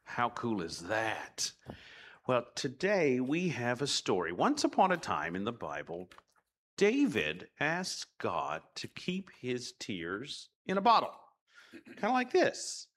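A man leading a children's message in church, telling a story to kids in a lively, playful way. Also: medium pitch, slow pace. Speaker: children's director.

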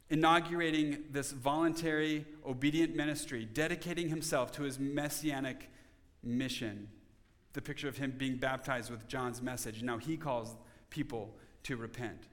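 A man preaching a sermon as pastor, earnest, dropping to soft tones for emphasis. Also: mid-range voice, long reverb tail.

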